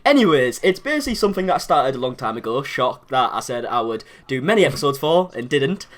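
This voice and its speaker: A man's voice: mid-range voice, very animated, fast talker. A young man hosting a casual podcast chat, rambling and swearing freely. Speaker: podcast host.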